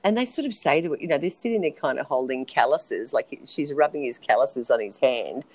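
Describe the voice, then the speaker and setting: Low-voiced woman, chatty and frank. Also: expressive, fairly quick, low-quality recording. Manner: chatty, rambling, frank, swears casually. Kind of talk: casual reality-TV gossip chat.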